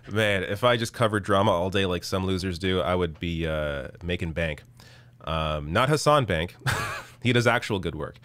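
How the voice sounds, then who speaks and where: A man hosting a live news commentary stream, reading news quotes and reacting with indignant sarcasm, his voice going hoarse. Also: sits low, fairly bright tone, no echo. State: losing his voice. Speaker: political commentary host.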